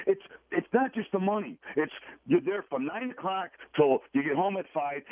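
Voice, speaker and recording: A man's voice: high-pitched, no room sound. A man calling in to a sports radio show, ranting in a frustrated, emphatic, repetitive way. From Chicago. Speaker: caller. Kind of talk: call-in rant on sports radio. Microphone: phone. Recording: tinny phone line.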